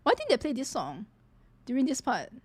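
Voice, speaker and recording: A woman's voice: high-pitched, huge pitch swings, moderate pace, a little mellow, slightly rough, dry recording. A woman streamer chatting casually while reacting to game scenes, giggling easily and apologizing often. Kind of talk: casual live-stream chat.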